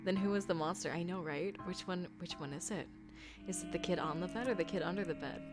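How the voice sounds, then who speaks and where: A woman's voice: fairly low pitch, fast. A woman casually chatting on a live stream, reading viewers' scary stories and greeting chat with a giggly manner. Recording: music playing behind.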